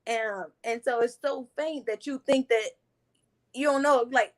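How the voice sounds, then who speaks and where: Woman podcast host, earnest and reflective, a slightly high voice. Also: takes it slowly. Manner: earnest, spiritual, affirming murmurs. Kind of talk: casual conversation.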